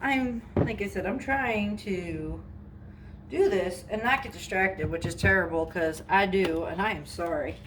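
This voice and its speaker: A woman's voice: medium pitch, a little slow. A young woman chatting casually as she bakes at home and tells a long story, full of fillers and asides. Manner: chatty, rambling, many fillers. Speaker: vlogger. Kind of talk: casual storytime while baking. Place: home kitchen. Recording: noisy home recording.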